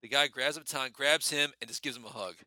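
A man co-hosting a casual podcast, spinning an animated story full of swearing and laughs. His voice is bright and sharp. The room sounds dry and close. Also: medium pitch, quick pace, no room sound. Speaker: podcast co-host.

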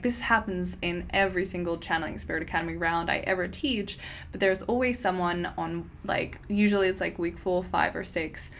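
A woman's voice: medium pitch, a bit bright, a little hiss or hum. A woman talking as a spiritual teacher in a casual monologue, earnest and encouraging, her sentences running long and loose.

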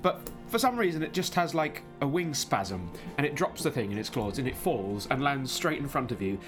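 A man's voice: mid-range voice, very animated, normal speed, music in the background. A man narrating as game master, in loose, rambling speech full of fillers.

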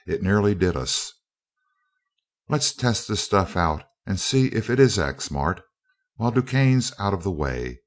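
A man's voice: deep voice, big pitch swings, unhurried. A brash, breezy young adventurer, as a man reads him. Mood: eager. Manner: breezy, slangy, confident.

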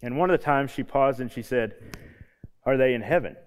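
A man in his thirties, a youth pastor, preaching a casual sermon with homey stories and quiet, low emphasis on key points. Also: a little fast, clear, resonant tone. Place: church hall. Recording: long hall reverb.

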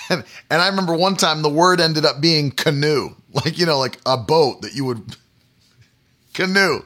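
A middle-aged man preaching a sermon, telling a personal story with laughter and animated delivery. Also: a little high, unhurried, long pauses.

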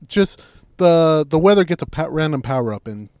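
A young man spins a rambling, swear-laden story for his podcast, his voice sitting a touch high. The sound is dry and close, with no room around it. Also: lively intonation, normal speed, darkish tone, clean tone, no room sound. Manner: rambling storyteller, profane, full of fillers. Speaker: podcast co-host. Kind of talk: casual podcast chat.

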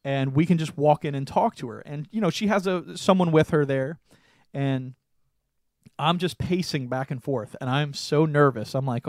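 A young man co-hosting a podcast, telling a story in casual chat, animated and laughing often. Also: fairly high pitch, moderate pace, no echo, studio quality. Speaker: podcast co-host.

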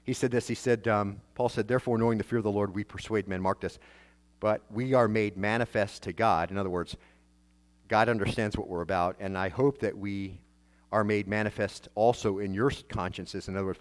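A pastor with a lowish male voice delivers a sermon in an unpolished, talky way. He fires off rhetorical questions at his congregation and trips over his own restarts as he goes. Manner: preaches in a conversational way, with many restarts and rhetorical questions.

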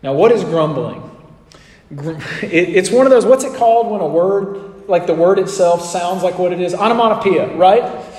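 A man's voice: high-pitched, expressive, moderate pace, darkish tone, echoey room, in a large hall. A man preaching a sermon in a conversational way, asking the audience questions and acting out quotes. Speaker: pastor.

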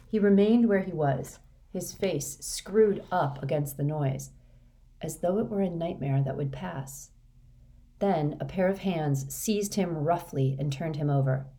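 A woman narrating an audiobook in a measured, even read. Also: sits low. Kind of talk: scripted narration.

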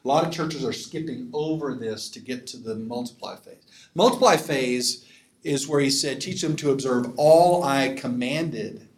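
A man's voice: mid-range voice, normal speed. A man teaching at a conference like a pastor, emphatic and often asking the audience for agreement. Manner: emphatic, asks the crowd for assent. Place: conference hall. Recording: echoey hall.

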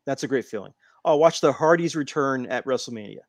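A man's voice: mid-range voice, expressive, fairly quick, no room sound, studio quality. A man hosting a casual podcast chat and eagerly telling stories, acting out what people said. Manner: enthusiastic storyteller, acts out quotes.

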